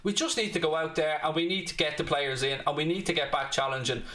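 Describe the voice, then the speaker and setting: Dublin Irish host, blunt and cheeky, bright edgy voice, a bit high, roomy echo. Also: male voice, fast. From Ireland, Dublin. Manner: blunt, cheeky, swears freely. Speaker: fan channel host. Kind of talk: football watchalong chat.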